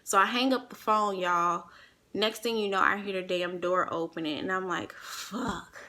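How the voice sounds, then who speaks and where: Animated, profane young woman telling a story. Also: mid-range voice, moderate pace. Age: young adult. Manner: animated, profane, acts out quoted voices. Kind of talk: casual storytelling to an audience.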